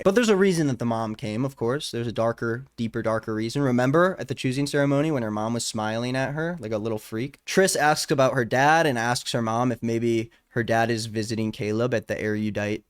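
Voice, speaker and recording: A man's voice: mid-range voice, a little fast, hardly any pauses, clear, resonant tone, no room sound, studio quality. A man in his twenties giving a casual, sarcastic and incredulous reaction to a novel he is reading. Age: 20s. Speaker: book reviewer. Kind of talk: casual book reaction vlog.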